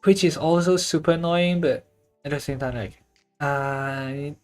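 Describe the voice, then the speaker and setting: A laid-back artist talks through a drawing session at an unhurried pace, rambling loosely and leaning on filler words. Soft music plays faintly underneath. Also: medium pitch, smooth. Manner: swears casually. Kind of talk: casual chat while drawing.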